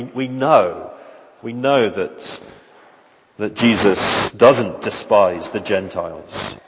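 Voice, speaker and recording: A man pastor preaching a sermon, earnest and emphatic, repeating phrases and restarting his sentences. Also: on the low side. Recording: dull lo-fi sound with long hall reverb.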